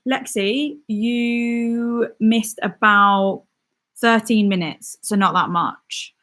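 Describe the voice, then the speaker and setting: A woman's voice: a little high, steady tone, extremely slow, a bit bright. A young woman hosting a casual live stream. She reads viewer comments aloud and answers them, often laughing and correcting herself mid-sentence.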